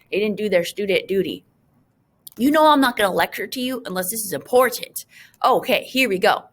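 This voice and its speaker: A woman's voice: fairly high pitch, a bit bright. Chatty woman teacher with joking asides. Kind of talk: screen-recorded lesson.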